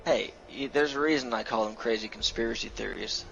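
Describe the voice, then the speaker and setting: A man with a gravelly voice, joking his way through half-serious theories in a casual gaming chat, pausing and restarting often. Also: medium pitch, a bit bright, dull audio, slight background noise. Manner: hesitant, tongue-in-cheek, joking. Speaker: guest with conspiracy theories.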